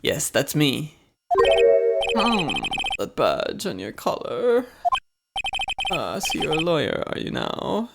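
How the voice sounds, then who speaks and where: Woman doing a pompous elderly male lawyer, low gravelly voice, slow and hushed, game music behind. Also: big pitch swings, exaggerated voice. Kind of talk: reading game dialogue aloud.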